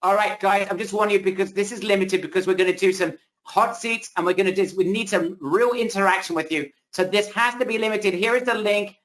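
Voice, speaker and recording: A man hosting a webinar, giving a pushy, excited sales pitch over a video call while his voice is wearing out. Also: brisk, few pauses. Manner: hyped, pushy salesman hype. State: losing his voice. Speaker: webinar host. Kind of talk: hard-sell webinar pitch.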